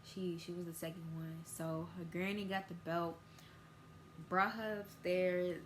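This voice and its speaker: Teen girl, casual vlog storyteller, jumps high for quotes, faint background noise. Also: steady tone, unhurried. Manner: casual storytelling, acts out quoted voices with big pitch jumps. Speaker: vlogger.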